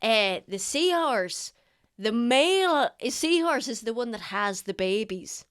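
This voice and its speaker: A woman's voice: fairly high pitch, big pitch swings, takes it slowly, clean tone. A woman voicing a chatty male ex-sailor who rambles eagerly about sea creatures. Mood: enthusiastic. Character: chatty older male ex-sailor, animal enthusiast.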